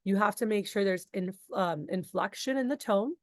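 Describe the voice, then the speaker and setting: Woman, sales trainer, animated, talkative, dry close sound. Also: mid-range voice, moderate pace, no echo. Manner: animated, talkative, casual asides. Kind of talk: energetic group training talk.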